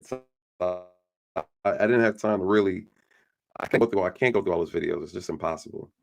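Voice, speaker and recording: A man's voice: deep voice, brisk, gravelly. A man doing casual online commentary, ranting in an exasperated, irritated way to his viewers. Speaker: YouTube commentator.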